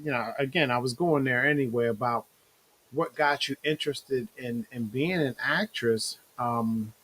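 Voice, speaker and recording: A man's voice: mid-range voice, unhurried, a bit bright, husky. A man hosting a casual interview, hesitant and repeating words as he asks questions. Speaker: host.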